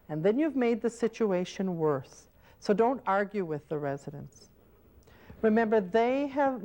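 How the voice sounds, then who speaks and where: On an old VHS training tape, a woman patiently instructs caregivers, acting out short example scenes. Her voice is fairly low in pitch with a darkish tone.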